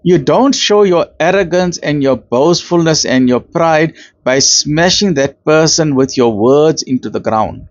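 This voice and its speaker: A man's voice: on the high side, lively intonation, unhurried, dry recording, lo-fi sound. A man with a South African accent giving a conversational religious talk, slipping in Arabic terms and acting out the voices he quotes. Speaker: Islamic lecturer.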